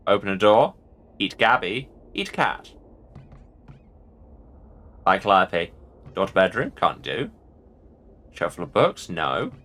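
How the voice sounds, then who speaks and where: A man's voice: lowish voice, fairly bright tone. A man hosting a let's play and giving playful, jokey commentary on the game. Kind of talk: casual gameplay commentary.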